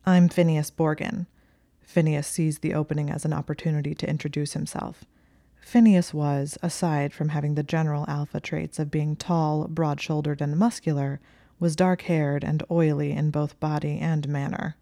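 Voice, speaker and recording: Low-voiced woman reading a story. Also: level tone, moderate pace, creaky, mellow, no echo, studio quality. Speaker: audiobook reader. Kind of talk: reading fan fiction aloud.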